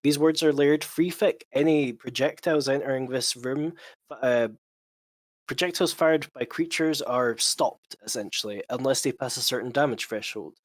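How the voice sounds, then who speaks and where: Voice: medium pitch, moderate pace, dry recording. A game master narrating a tabletop game, explaining rules in an explanatory way with frequent fillers.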